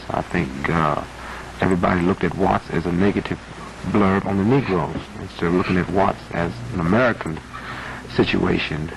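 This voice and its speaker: A man's voice: low-pitched, vocal fry, low-quality recording. A man in his thirties arguing his point emphatically in an archival interview, his voice building to a preacherly intensity. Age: 30s. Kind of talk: archival interview, impassioned argument. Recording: archival broadcast audio with faint noise.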